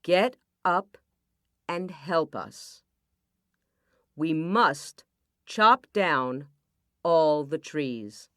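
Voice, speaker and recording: A woman's voice: sits low, expressive, drawn-out words, long pauses, a bit bright, no room sound, clean studio sound, heavily acted. A woman voicing the king's stern male soldiers, giving curt, commanding orders.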